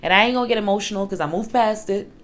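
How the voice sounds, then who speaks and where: A woman's voice: mid-range voice, racing, a bit bright. A young woman, a single mother, telling a personal story to the camera in a frank, emphatic way, swearing casually.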